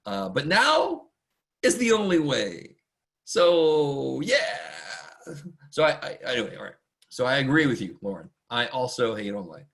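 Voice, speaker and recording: A man teaching a math class online in a casual, chatty, rambling way, often talking fast and poking fun at himself. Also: mid-range voice, sing-song, fairly bright tone. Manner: chatty, rambling and self-deprecating; talks fast much of the time. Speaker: math instructor. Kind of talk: casual online lecture to students.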